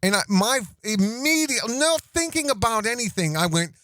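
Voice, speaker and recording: A man's voice: extremely high pitch, very animated, moderate pace, pushed and bright, no room sound. A man hosting an online commentary show, talking in a rambling, self-interrupting way with many restarts and asides. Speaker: host.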